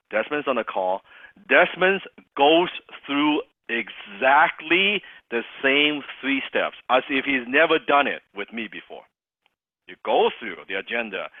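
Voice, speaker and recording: A man coaching a group on sales calls, animated and quick to laugh, restarting his phrases. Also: mid-range voice, no echo. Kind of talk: sales training role-play demo. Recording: tinny call audio.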